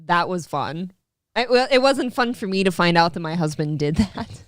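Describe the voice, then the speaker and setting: Dry-witted female co-host with a clear voice. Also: lowish voice, lively intonation, no echo. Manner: quick, dry reactions and teasing asides. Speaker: co-host of a morning show. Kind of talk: casual live-stream banter.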